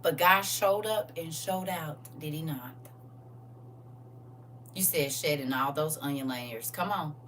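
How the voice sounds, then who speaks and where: A woman's voice: low voice, a little slow, a bit bright, far from the mic, a little hiss or hum. A woman hosting a casual faith livestream, laughing and talking straight to her viewers while she reads their comments.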